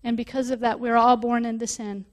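A woman preaching a sermon, reading scripture aloud and stopping to explain it, growing louder on key points. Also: fairly high pitch, flat delivery, a little fast. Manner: reads scripture aloud and breaks off to explain it, rising with emphasis.

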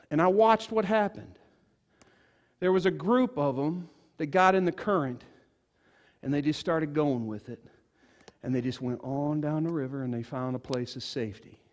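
A pastor telling a lively story in a sermon, acting out voices and exclamations. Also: male voice, on the high side. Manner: animated storyteller, acts out voices.

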